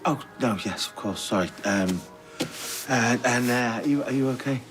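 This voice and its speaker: A man's voice: medium pitch, normal speed, over music, natural voice. An actor playing a flustered man who rambles nervously and stumbles over his words. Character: flustered man hiding something. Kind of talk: TV soap acting.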